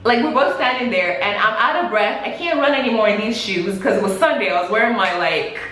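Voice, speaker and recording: A young woman vlogger with a medium-pitched voice tells a story in a casual chat, speaking a little fast. She's animated and acts out everyone's quoted lines. The room is echoey, with a faint hiss.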